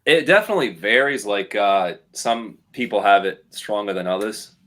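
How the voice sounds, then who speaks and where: A man's voice: lowish voice, animated, normal speed, a bit bright, slight background noise. A man from Rhode Island with a Rhode Island accent, a guest chatting casually in a rambling, self-deprecating way full of "like" fillers. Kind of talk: casual chat.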